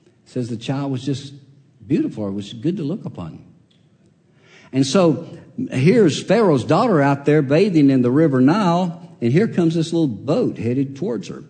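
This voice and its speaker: A man preaches in a folksy storytelling way, his voice sitting a little high for a man. He surges louder on key points and drops to near quiet on others. The sound rings with a long reverb, as in a large hall. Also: sing-song, moderate pace. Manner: folksy storytelling, swings between loud and soft. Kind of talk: sermon.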